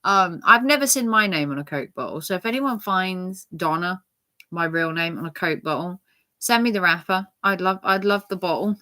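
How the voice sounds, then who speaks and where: A woman's voice: lowish voice, moderate pace, bright, forceful tone. A middle-aged woman chatting casually to her viewers, rambling with lots of fillers and restarts. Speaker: channel host.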